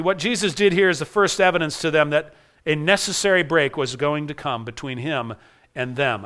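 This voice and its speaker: Male pastor preaching, bright forceful tone, slightly raised pitch, emphatic repetition. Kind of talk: sermon.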